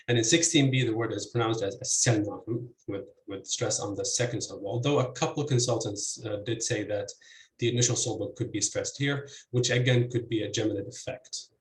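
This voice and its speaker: A man of middle pitch presents an academic talk, walking through examples on slides. He hesitates often and fills pauses with "uh" and "um." The recording carries a noticeable room echo. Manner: hesitant, many fillers, explains slide examples.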